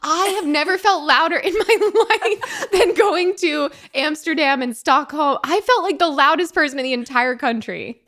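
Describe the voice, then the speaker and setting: A woman's voice: high-pitched, expressive, normal speed, a bit bright. An American woman hosting a podcast in casual chat, laughing often and gushing with exclamations. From United States. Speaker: podcast host.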